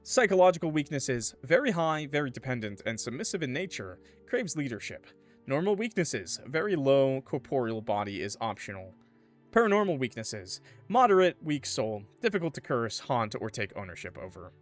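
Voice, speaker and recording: A man streaming a game, chatting casually and thinking aloud in an animated way. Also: mid-range voice, normal speed, soft background music. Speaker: gaming streamer. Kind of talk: casual let's-play commentary.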